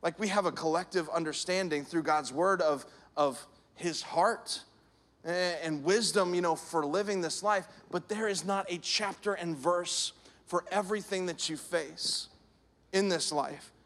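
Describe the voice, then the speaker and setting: Pastor guy preaching, chatty sermon, high voice for a man, acts out little bits. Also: a little slow, a bit bright. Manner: conversational preaching with acted-out anecdotes.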